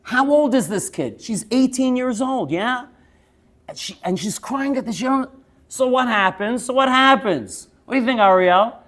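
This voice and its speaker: A male teacher lecturing students. He tells lively stories, laughs as he goes and keeps checking in with "yes?". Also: very high voice, a little slow. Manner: laughs while telling stories.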